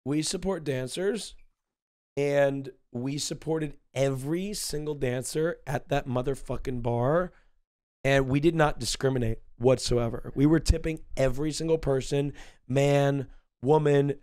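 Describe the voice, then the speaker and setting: A man's voice: mid-range voice, steady tone, a little slow, darkish tone, clean tone. A drunk man chatting on a podcast, rambling, repeating himself and sounding giddy. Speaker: podcast guest. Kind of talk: casual podcast chat.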